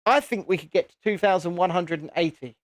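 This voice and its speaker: A man's voice: sits high, fairly quick, dry recording, clean studio sound. Chatty British man hosting a live stream. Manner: chatty, self-deprecating, talks to viewers. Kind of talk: casual live-stream chat.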